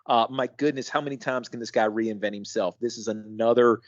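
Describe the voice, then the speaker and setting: A man's voice: medium pitch, fairly even intonation, a little fast, lo-fi sound. A man co-hosting a casual wrestling recap podcast, easygoing and enthusiastic in his takes. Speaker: podcast co-host.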